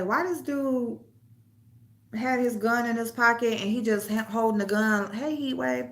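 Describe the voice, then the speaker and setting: A woman's voice: fairly high pitch, steady tone, unhurried, pauses often, a bit bright. A woman hosting a casual chat, telling stories loosely with lots of laughing and swearing, and speaking. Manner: loose storytelling, laughs often, swears freely, reads comments aloud. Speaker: host.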